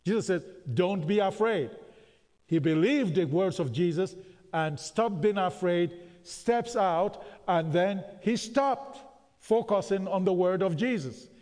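A man with a fairly high voice preaches slowly and deliberately, drawing the congregation into call and response. His words ring out with a long reverb, as if in a large hall. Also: darkish tone. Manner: call-and-response preaching, repeating phrases for emphasis. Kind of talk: sermon.

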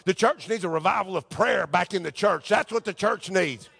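A man preaching a sermon as pastor, quoting scripture and building to loud, raspy shouts. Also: high-pitched, normal speed, big-room sound. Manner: preaching with rising shouts and Bible quotes.

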